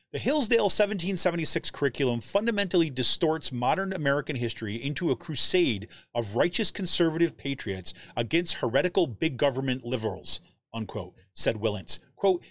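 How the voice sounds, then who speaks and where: A man hosting a live commentary show, reading quotes aloud and keeping them going with frequent rhetorical questions. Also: mid-range voice. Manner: animated, keeps asking "right?", reads quotes aloud; searches through documents while talking, trails off.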